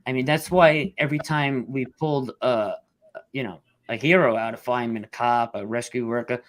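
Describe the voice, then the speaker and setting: A middle-aged man, a rescue worker telling his story in an interview, blunt and halting, fighting back tears. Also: medium pitch, steady tone, no echo. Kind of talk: emotional storytelling.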